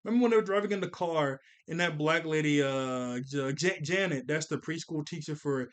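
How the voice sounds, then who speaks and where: A man giving a casual anime review, excitable and rambling, with frequent restarts and laughs. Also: fairly high pitch, a little fast. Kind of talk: casual commentary.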